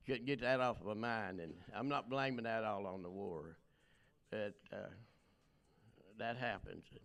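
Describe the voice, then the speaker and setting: Older man with a gravelly voice. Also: lowish voice, fairly bright tone. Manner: plainspoken, rambling, emotional, with many fillers. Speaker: recovery testimony speaker. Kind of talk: personal testimony.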